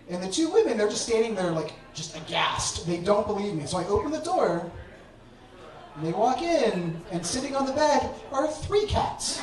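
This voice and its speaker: A man telling a personal story on stage to a live audience, with an animated, self-mocking comic delivery. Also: high-pitched, moderate pace. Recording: echoey hall, distant mic, audience laughter.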